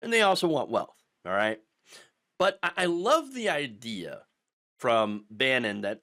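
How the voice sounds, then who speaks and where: A man hosting a political commentary vlog, sarcastic and animated, punctuating his points with "okay?". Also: mid-range voice, unhurried. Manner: animated and sarcastic, with constant "okay?" tags and mocking mimicry.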